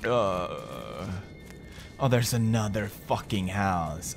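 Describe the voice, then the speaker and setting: A man's voice: fairly low pitch, lively intonation, unhurried, gravelly, music in the background. A young man in his twenties giving jumpy, swearing commentary while playing a horror game. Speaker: gamer commentator.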